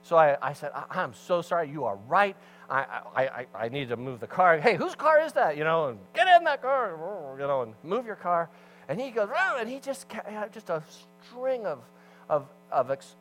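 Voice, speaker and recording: A man preaching a sermon as pastor, telling a story with animated swings between loud emphasis and hushed asides. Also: fairly high pitch, normal speed, low-quality recording.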